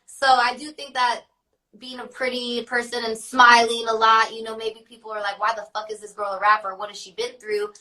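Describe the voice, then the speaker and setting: Bright, chatty young woman, slightly off-mic. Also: on the high side, flat delivery, brisk, distant mic, rough recording. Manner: chatty, laughing, filler-heavy. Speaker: guest, rapper. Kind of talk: casual interview chat.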